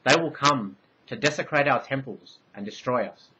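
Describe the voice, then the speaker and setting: A man's voice: medium pitch, moderate pace, bright, forceful tone, slightly rough, voice pushed up, poor audio. Man voicing a pleading Minoan priestess. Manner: earnest, pleading, raised voice.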